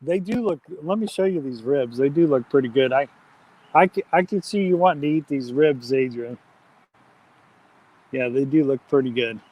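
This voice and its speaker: A man's voice: medium pitch, expressive, normal speed, muffled recording. A man hosting an outdoor campfire live stream, chatting casually and reading viewer comments aloud. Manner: chatty, reads chat aloud, friendly shout-outs.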